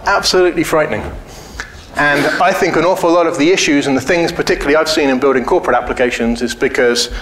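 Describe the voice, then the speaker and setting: A man's voice: fairly high pitch, fast talker, a bit bright, slight background noise. A man giving a casual conference talk, blunt and joking, telling anecdotes and swearing freely. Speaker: conference speaker. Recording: echoey hall.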